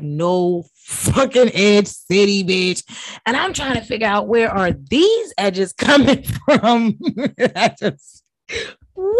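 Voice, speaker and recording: A woman's voice: lowish voice, no echo. Brash profane woman recapping reality TV. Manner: brash, profane, animated commentary. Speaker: podcast host. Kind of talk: casual reality-TV recap chat.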